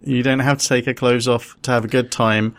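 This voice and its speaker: A man co-hosting a podcast in casual banter, loud and playful, making silly noises, on a studio microphone. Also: medium pitch, little pitch movement, fairly quick. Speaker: podcast co-host.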